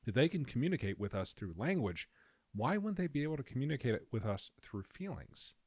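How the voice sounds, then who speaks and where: Lively-voiced man co-hosting a podcast. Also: medium pitch, husky, no room sound. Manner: explains at length and reads quotes aloud slowly. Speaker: podcast co-host. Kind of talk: casual chat. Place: podcast recording room.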